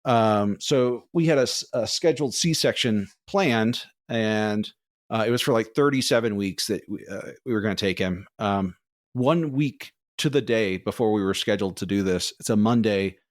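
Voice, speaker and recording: A man co-hosting a podcast, telling long, rambling personal stories in a casual, animated way. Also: fairly low pitch, normal speed, no echo, studio quality. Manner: rambling, animated, acts out quoted voices. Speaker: podcast co-host. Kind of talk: casual storytelling.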